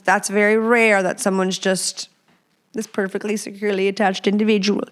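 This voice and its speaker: Woman, podcast host, casual advice, blunt and sweary, clean smooth voice, mid pitch. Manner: frank and profane, chatty.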